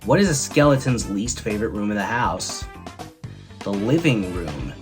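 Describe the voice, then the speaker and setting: A man's voice: fairly low pitch, expressive, normal speed, over music. A man hosting a comedy show, telling one joke after another in an upbeat way and leaning on the punchlines. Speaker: host.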